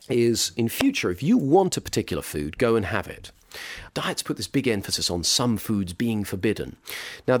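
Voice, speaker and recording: A man delivers weight-loss coaching with blunt, emphatic conviction. His pitch leaps and dips through a very wide range as he drives his points home. The sound is close and dry, with no room echo. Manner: emphatic, direct, with mocking impressions of others. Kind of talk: motivational instruction to camera.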